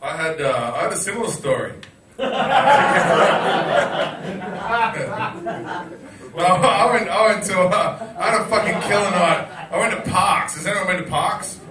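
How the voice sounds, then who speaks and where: A man's voice: high voice, lively intonation, takes it slowly, pauses often, roomy sound, recorded from a distance, over a noisy crowd. A man hosting a chat show, joking crudely and swearing in casual banter.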